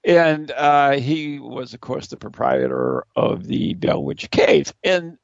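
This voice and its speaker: Middle-aged guy hosting call-in radio, gravelly voice, lively ups and downs, kinda muffled. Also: fairly high pitch, takes it slowly, dry recording. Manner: rambling, self-deprecating, stammers and restarts. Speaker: radio show host. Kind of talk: casual call-in radio chat.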